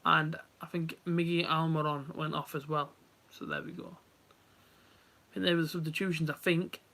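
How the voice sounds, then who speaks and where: Bright-voiced man streaming live. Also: fairly high pitch, little pitch movement, moderate pace. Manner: chatty, rambling, talks straight to viewers. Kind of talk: casual live match watch-along chat.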